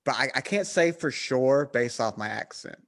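A man's voice: medium pitch, expressive, normal speed, fairly bright tone. A man with a Southern American accent, hosting a casual podcast chat and laughing often. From United States. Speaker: podcast host.

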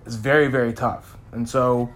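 A man thinking out loud in a personal vlog, candid and self-examining. He rambles and restarts his sentences as he searches for the right words. His voice sits at an ordinary middle pitch for a man. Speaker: vlogger in sales.

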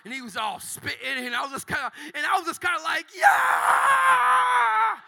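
A male pastor in his forties preaching a sermon in a church, building from quiet storytelling to shouting. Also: very high-pitched, animated, fast talker, creaky, very noisy. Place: large church auditorium.

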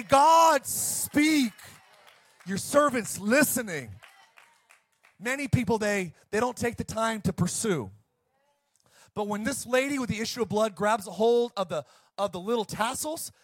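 A middle-aged male pastor preaching a sermon, fired up and shouting at times, then dropping to a soft storytelling voice. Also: very high-pitched, no room sound.

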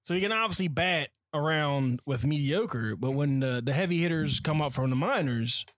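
A man co-hosting a casual podcast, loud and swearing a lot, often laughing. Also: fairly high pitch, expressive, moderate pace, no echo. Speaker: podcast co-host. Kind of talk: casual chat.

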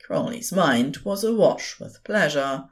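A woman reading a story aloud as unhurried audiobook narration, very expressive. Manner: low, slow, very expressive. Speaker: podfic reader.

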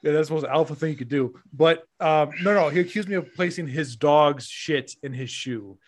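A man telling a funny story in a casual, profane podcast chat, animated and laughing often. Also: on the high side, normal speed.

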